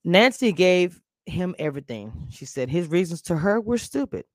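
A woman's voice: lowish voice, very animated, normal speed, dry recording, clean studio sound. A woman reviewing a reality show on a casual live stream, blunt and opinionated in her takes.

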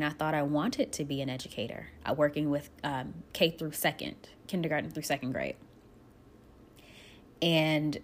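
A woman from Buffalo, New York, earnestly telling her own story of moving away to become an actress, speaking emotionally with pauses and restarts. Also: sits low, slight background noise. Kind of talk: personal storytelling.

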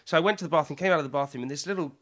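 A man with a somewhat high voice, chatting easily as a guest. He laughs often and pokes fun at himself while telling stories. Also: very fast, a bit bright. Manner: easygoing, laughing, self-deprecating storyteller. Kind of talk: casual chat.

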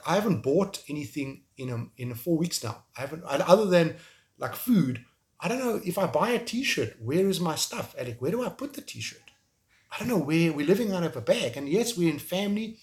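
A man with a South African accent, speaking as an interview guest in an emotional, halting way, with frequent restarts. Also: on the high side. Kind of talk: remote interview conversation.

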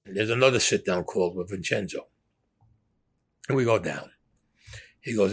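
A man's voice: lowish voice, a little slow, long pauses, husky. A man telling a blunt, profane story as an interviewee, acting out the dialogue as he goes. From New York. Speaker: former mobster interviewee.

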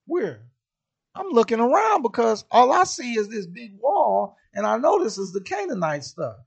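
A man's voice: very high voice, sing-song, normal speed, vocal fry, husky. A man hosting a podcast, giving an impassioned monologue in blunt, profane street slang. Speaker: podcast host.

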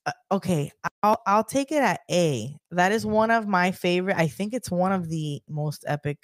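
A woman co-hosting a casual livestream chat, animated, swearing freely and laughing often. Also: lowish voice, moderate pace, no room sound, clean studio sound. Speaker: co-host.

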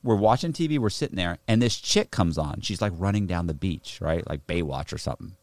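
A man casually telling a rough story, swearing a lot and acting out the other people in it. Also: low-pitched, brisk, dry recording. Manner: profane, animated, acts out other people's voices. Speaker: guest telling a prison story.

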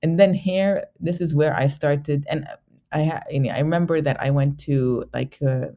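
A woman guest in an interview, reflecting candidly on a personal journey, halting often with restarts and fillers. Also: sits low, fairly even intonation, warm tone.

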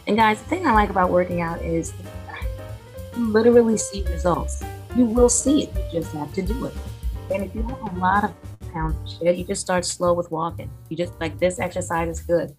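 A woman's voice: on the low side, brisk, darkish tone, soft background music. A woman hosting a podcast in casual, rambling chat, full of fillers and asides. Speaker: podcast host.

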